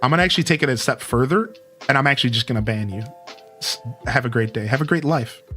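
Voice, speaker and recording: A man's voice: mid-range voice, fast, sharp tone, faint music behind. Laid-back male streamer chatting with viewers. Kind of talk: casual live-stream chat.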